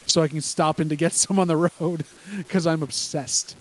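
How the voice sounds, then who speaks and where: A man's voice: a little high, fairly even intonation, moderate pace. A man co-hosting a podcast, chatting casually and enthusiastically, rambling about what he likes. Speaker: podcast co-host. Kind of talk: casual chat reacting to wrestling.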